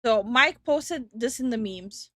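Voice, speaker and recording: A woman's voice: a little high, expressive, takes it slowly, very noisy. A young woman co-hosting a casual livestream from home, giggly and greeting chat viewers by name. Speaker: streamer co-host. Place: home streaming room.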